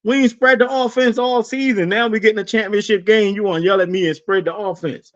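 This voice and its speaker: High-voiced man telling animated stories. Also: a little fast, crowd noise. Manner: animated storytelling, swearing, laughing often. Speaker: podcast co-host. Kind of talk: casual chat. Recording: dull lo-fi sound.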